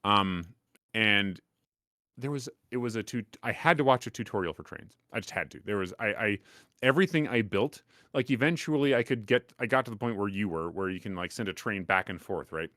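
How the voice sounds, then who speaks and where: Guy with a lowish voice co-hosting a podcast, rambly and self-deprecating, dry close sound. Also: brisk, sharp tone, no echo. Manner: rambling, self-deprecating, many fillers and restarts. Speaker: podcast co-host. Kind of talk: casual chat.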